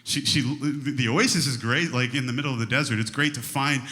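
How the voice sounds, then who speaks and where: A man in his thirties, a youth pastor, telling a funny story in his sermon, animated and laughing, leaping into high exaggerated voices for quotes. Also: a little fast. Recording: long hall reverb.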